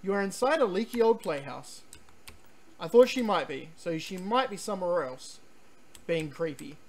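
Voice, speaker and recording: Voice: mid-range voice, animated, moderate pace, darkish tone, a little hiss or hum. A game streamer giving rambling, chatty let's-play commentary, full of ums and restarts, sometimes reading on-screen text aloud.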